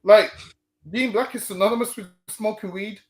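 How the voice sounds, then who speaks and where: A man's voice: sits high, normal speed, echoey room. A man preaching on the street in casual, emphatic talk, leaning on "listen, man".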